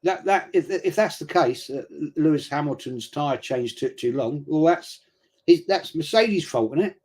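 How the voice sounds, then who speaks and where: A man's voice: fairly high pitch, animated, a little slow, darkish tone, breathy edge. A middle-aged man, chatting casually and telling rambling stories while streaming a football match. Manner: chatty rambling storyteller, blokey slang. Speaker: watch-along streamer. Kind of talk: casual live chat during a football match.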